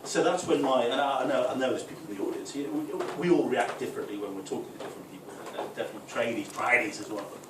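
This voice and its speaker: Chatty stand-up comic in an echoey room. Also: male voice, medium pitch, very fast, hardly any pauses. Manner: rambling, conversational, with restarts and "right?" asides. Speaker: stand-up comedian. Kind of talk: live stand-up set. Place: football club function room, live audience. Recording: echoey room from far off, noisy.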